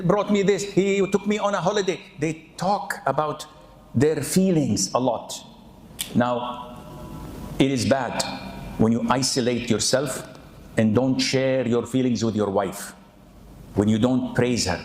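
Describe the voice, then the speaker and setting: A man preaching an animated, humorous sermon, often acting out the people he quotes. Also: medium pitch. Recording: echoey room.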